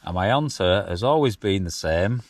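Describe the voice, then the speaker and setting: Deep-voiced Yorkshire man chatting in a tent. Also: lively intonation, normal speed, no echo. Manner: chatty, self-mocking, chuckles often. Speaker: wild camping vlogger. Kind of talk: casual camping vlog chat. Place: inside a small tent outdoors.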